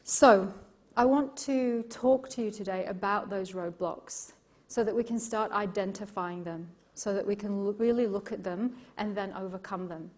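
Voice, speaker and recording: A woman's voice: medium pitch, moderate pace, few pauses. A middle-aged woman from Yorkshire with an English accent, giving a live motivational keynote as a coach, telling stories with emphatic repetition and questions to the audience. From Yorkshire, England. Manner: expressive storytelling, emphatic repetition, engages audience.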